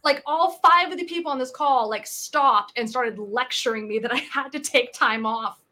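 Bright, animated woman. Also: sits high, normal speed. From United States. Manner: animated, acts out quoted people in her stories. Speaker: guest, sales coach. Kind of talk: conversational interview storytelling.

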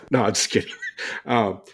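A man's voice: on the low side, gravelly. A man from California, a podcast guest who jokes around and pokes fun at himself. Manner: joking, self-deprecating, lively. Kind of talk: casual chat.

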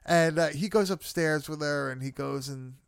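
A man's voice: on the high side, moderate pace, gravelly, clean tone, dry recording, studio quality. Swearing, laughing man recapping a movie. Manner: swears freely, laughs often, rambling recap. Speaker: podcast co-host recapping a film. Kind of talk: casual chat.

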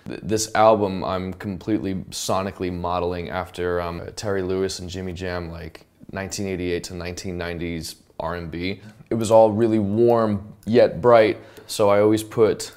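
A man explaining how he built a song in casual studio talk, animated and humming parts out loud to show them. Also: deep voice, moderate pace, few pauses. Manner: animated, hums and vocalizes parts to demonstrate. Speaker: songwriter and producer. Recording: loud music playing under the voice.

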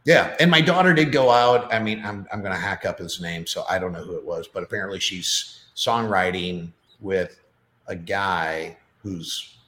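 A man's voice: sits low, normal speed, fairly bright tone, echoey room, a little hiss or hum. A middle-aged man, a podcast guest, chatting casually and telling stories with lots of fillers. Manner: chatty storyteller with many fillers. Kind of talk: casual chat.

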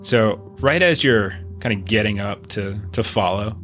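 A man's voice: on the low side, unhurried, a bit bright, soft background music. A man narrating as game master of a tabletop game, loose and repeating words.

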